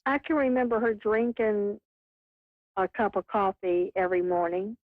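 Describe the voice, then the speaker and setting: A woman calls in and answers a medium's questions slowly and deliberately. Her voice comes through a thin, phone-like line, dry and close. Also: mid-range voice, no room sound. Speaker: caller. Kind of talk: phone-in conversation.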